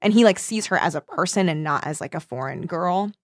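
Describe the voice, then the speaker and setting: A woman's voice: fairly low pitch, expressive, fairly quick, no echo, clean studio sound. A woman co-hosting a casual book discussion podcast, chatty and given to reading passages aloud. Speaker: podcast co-host. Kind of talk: casual book club chat.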